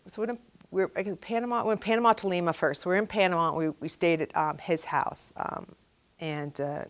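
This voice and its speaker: An older woman, a retired pilot, recounting her career in an oral history interview, chatty and full of ums, acting out the people she quotes. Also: fairly low pitch. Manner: chatty storyteller, acts out quoted dialogue, many ums.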